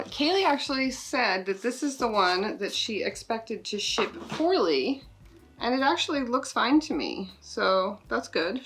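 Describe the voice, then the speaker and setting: A woman vlogging an unboxing of plant gifts, emotional and excited, swearing in delight and stumbling over plant names. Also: on the high side, breathy edge. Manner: profanity-laced exclamations. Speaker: plant YouTuber. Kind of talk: unboxing vlog chat.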